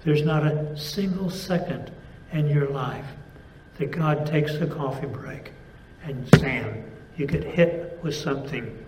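A man preaching a sermon, speaking deliberately with pauses and emphatic stresses. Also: fairly high pitch, echoey room, noisy background.

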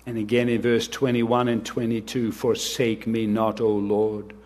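A man's voice: mid-range voice, fairly even intonation, a little slow, hardly any pauses, dark tone. A man preaching an earnest sermon as pastor, reading scripture and speaking directly to the children.

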